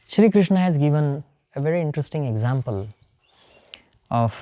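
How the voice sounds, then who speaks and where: Indian woman teacher, low mellow voice, lively storytelling lecture. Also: normal speed, long pauses. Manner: animated storytelling, acting out the characters' voices. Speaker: yoga and scripture teacher.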